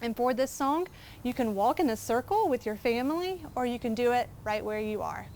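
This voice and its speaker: A woman leading a children's storytime as a librarian, speaking clearly and encouragingly as she guides the children through movement. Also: on the high side, animated, normal speed, darkish tone, a little hiss or hum. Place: garden outdoors.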